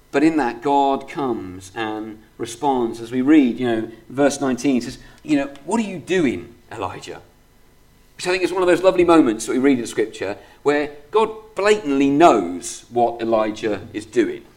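A man's voice: medium pitch, darkish tone. Guy preaching a sermon, chatty, lots of kind of and you know, reads the bible passage out. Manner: conversational, many fillers like "kind of" and "you know"; reads scripture aloud steadily. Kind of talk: sermon with scripture reading.

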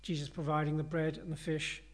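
A man's voice: on the high side, little pitch movement, fairly quick. A man preaching a sermon in an earnest, conversational and reflective way.

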